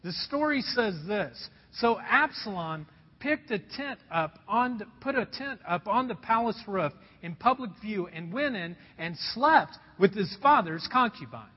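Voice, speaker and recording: High-voiced preacher in an echoing hall. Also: male voice, expressive, a little slow, breathy edge. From Indiana, USA. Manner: earnest storytelling, addresses the congregation as folks. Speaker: pastor. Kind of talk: sermon. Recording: dull sound with long hall reverb.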